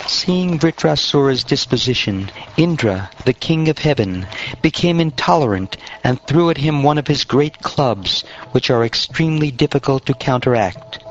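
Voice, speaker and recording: Male narrator, measured solemn scripture reading, mid pitch, muffled lo-fi audio. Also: expressive. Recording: dull lo-fi audio.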